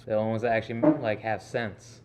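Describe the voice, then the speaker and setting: A man from the American South with a light Southern twang, co-hosting a podcast in easygoing casual chat that often trails off softly. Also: lowish voice, flat delivery, moderate pace, smooth, soft background music. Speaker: podcast co-host.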